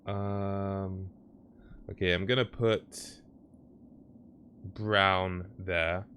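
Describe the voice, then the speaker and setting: A man's voice: low voice, little pitch movement, very slow, fairly bright tone. A young man streaming a video game, chatting casually and reacting to his chat over noisy audio. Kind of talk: casual live-stream commentary.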